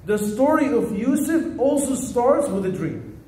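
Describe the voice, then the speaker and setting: High-voiced man teaching in an echoey room. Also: unhurried. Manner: conversational, storytelling, animated. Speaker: Islamic teacher. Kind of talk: religious lesson.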